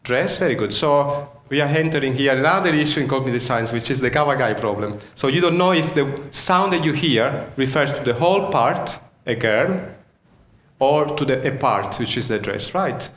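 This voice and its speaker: A man's voice: mid-range voice, lively intonation, normal speed, a bit bright. A man from Sicily with an Italian accent giving an interactive keynote lecture, quizzing the audience and often restarting his sentences. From Sicily, Italy. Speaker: university lecturer. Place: lecture hall. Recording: echoey lecture hall.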